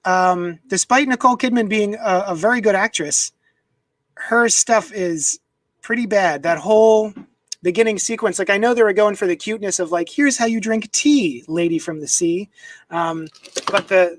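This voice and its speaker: On a live stream from his home desk, a man who unboxes comics rambles casually and reads viewer comments aloud into a desk mic. His voice sits high and a bit bright, and the audio is dry and poor.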